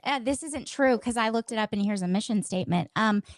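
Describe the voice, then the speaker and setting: A woman's voice: fairly high pitch, a little fast, dry recording. A young woman co-hosting a casual political podcast, talking in a chatty, matter-of-fact way. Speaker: podcast co-host.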